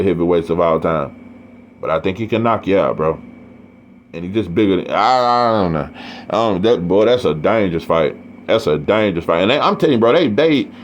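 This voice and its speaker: A man's voice: lowish voice, a little hiss or hum. A man with an East Texas Southern accent, ranting bluntly and profanely about boxing and repeating his points. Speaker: boxing commentator. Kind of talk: ranting monologue.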